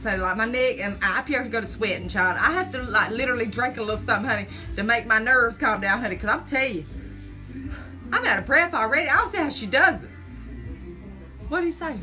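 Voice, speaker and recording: A woman selling makeup on a live phone stream from home, chatty and a bit jittery, sprinkling "honey" and "child" through every line. Her voice sits high and bright. Faint music plays behind her. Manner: chatty, folksy, says "honey" and "child" constantly; jittery, talks through nerves. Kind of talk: casual live-stream chat.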